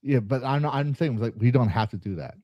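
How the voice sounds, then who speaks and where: A man hosting a gaming podcast gets heated, swearing in anger and repeating and restarting himself often. He's a streamer with an expressive mid-range voice and talks a little fast. The recording is dry and muffled.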